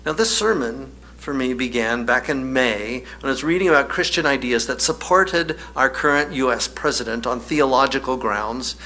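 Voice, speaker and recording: Wry, bright-voiced male minister preaching. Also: mid-range voice, normal speed, hardly any pauses. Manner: storytelling, wry, laughs often. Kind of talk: sermon.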